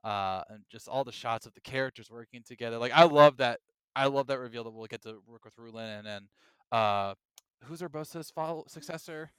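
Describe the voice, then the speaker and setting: A man co-hosting a gaming podcast in casual chat, excitable and animated, often acting out his own reactions. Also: mid-range voice, fairly quick, clean tone, dry recording. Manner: excitable, acts out reactions in quoted voices. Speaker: podcast co-host.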